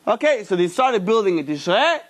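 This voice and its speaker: A man, a rabbi, giving a Torah class and telling a story, acting out the characters with lively energy. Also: high-pitched, brisk.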